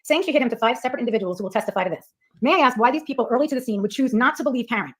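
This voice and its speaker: Casting: woman narrating a scripted argument, very quick, slightly high, firm. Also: animated. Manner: firm, argumentative, reads rhetorical questions.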